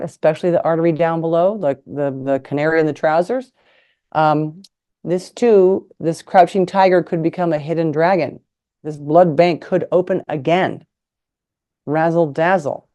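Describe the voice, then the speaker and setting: A middle-aged woman with a low, mellow voice gives a live talk over a video call. She is frank and playful, joking her way through a lesson with props on the table. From United States. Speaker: retired nurse and sex ed teacher giving a talk. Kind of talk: live online presentation with props. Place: indoors at a table.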